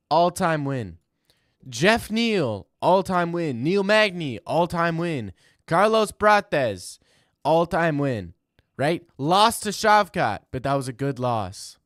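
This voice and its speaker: A young man streaming live, reading chat and answering in loud, mock-outraged rants. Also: fairly high pitch, no room sound, studio quality.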